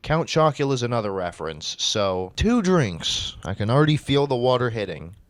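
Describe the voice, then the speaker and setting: A man's voice: medium pitch, very animated, a little fast, dry recording. A man doing a comedic reading aloud, breaking off into exasperated, swearing reactions. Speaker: video creator.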